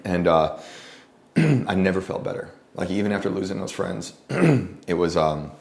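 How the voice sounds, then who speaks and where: A man guest telling a story in casual conversation at a home lunch table, rambling with many fillers and often clearing his throat. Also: low voice, big pitch swings, unhurried, darkish tone. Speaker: guest journalist.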